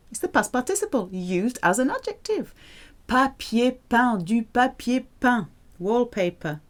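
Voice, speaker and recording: A woman teaching a French lesson, drilling verb forms slowly and checking in with the learner. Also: fairly high pitch. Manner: slow, deliberate drilling of verb forms with lively questions to the learner. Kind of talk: language lesson.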